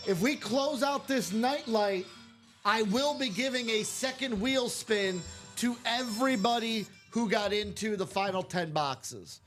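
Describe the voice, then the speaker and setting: A high-voiced man with a hoarse, strained throat, hosting a live card break. He talks in an unhurried, upbeat way and hypes each card as it comes. Music plays behind him. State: losing his voice. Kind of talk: excited live-stream chat.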